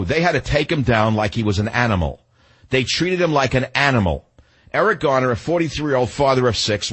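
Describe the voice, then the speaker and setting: Indignant older radio host, husky. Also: male voice, medium pitch, fairly bright tone. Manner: indignant, emphatic, combative. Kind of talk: talk radio monologue.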